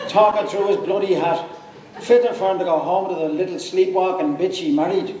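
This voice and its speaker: A man with a Dublin accent giving a quick, lively, chuckling live reading of a story. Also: high voice, a loud crowd. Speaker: reader. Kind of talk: dramatic live reading of fiction. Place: large hall with audience. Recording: echoey hall, mic from far off.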